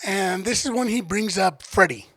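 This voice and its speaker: A man co-hosting a podcast, chiming into the story with quick, profane remarks in casual chat. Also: high voice, a bit bright, dry recording, rough recording. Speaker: podcast co-host.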